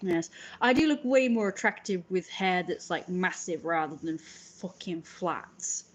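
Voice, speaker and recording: A woman's voice: lowish voice, measured pace, a little hiss or hum, rough recording. A woman chatting on a casual livestream, joking in a playful royal persona, rambling, answering chat aloud and swearing freely.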